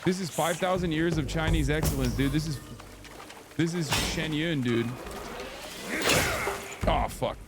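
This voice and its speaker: A man in his thirties streams a video game, chatting casually and joking with his viewers. His voice sits on the high side, a little slow with long pauses, and it's heard over loud game music.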